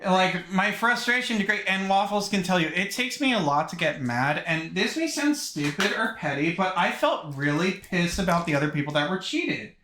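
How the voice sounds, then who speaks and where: Man, podcast co-host, animated storyteller, high pitch, roomy echo. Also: moderate pace, few pauses, background noise. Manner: animated storyteller acting out quotes. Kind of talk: casual chat.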